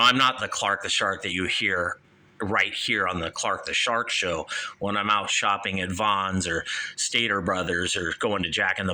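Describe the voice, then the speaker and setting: Heated, profane call-in show host. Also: male voice, low-pitched, sharp tone.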